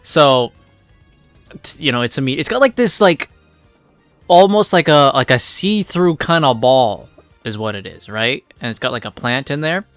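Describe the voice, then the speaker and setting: A man's voice: mid-range voice, expressive, normal speed, fairly bright tone, no room sound, soft background music. A man giving a casual, rambling review of a comic, full of fillers and blunt swearing.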